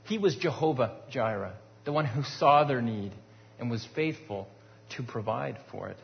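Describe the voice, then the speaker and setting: A male pastor preaches in an easy, conversational manner, asking the congregation rhetorical questions and often repeating a word as he restarts. His voice sits at a middle pitch and trails off into a long reverb in a large church sanctuary. The sound is a little dull. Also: animated, normal speed, vocal fry. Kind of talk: sermon.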